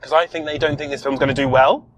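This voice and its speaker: A man's voice: on the high side, fairly even intonation, quick pace, slight background noise, low-quality recording. A man co-hosting a podcast, chatting casually about a film he has seen. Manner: chatty, swears when startled. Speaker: podcast co-host. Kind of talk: casual film review chat. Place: inside a car.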